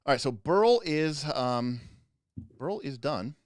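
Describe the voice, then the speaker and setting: A man's voice: medium pitch, expressive, slow pace, a crowd in the background. Laughing man running a tabletop game. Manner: laughing often, loose and rambling. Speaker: game master.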